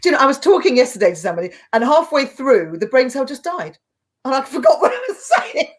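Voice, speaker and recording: A woman's voice: high-pitched, fast talker. Giggly English woman chatting. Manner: chatty, giggly, animated anecdotes. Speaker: storyteller guest. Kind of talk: casual chat.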